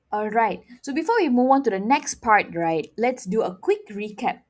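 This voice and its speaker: A woman's voice: medium pitch, expressive, normal speed. A woman teaching a playful beginner Mandarin lesson and drilling words by repeating them. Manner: upbeat, drills words with rising repetition.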